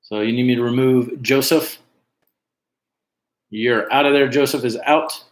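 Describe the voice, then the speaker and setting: Chatty trivia host in an echoey room. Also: male voice, mid-range voice, fairly even intonation, measured pace. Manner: chatty, reads out team names, frequent "uh" fillers. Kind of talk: casual livestream chat.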